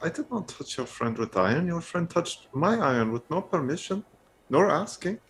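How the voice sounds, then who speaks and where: A man's voice: fairly high pitch, big pitch swings, normal speed. A man playing his character in a tabletop game, asking bewildered questions. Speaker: player.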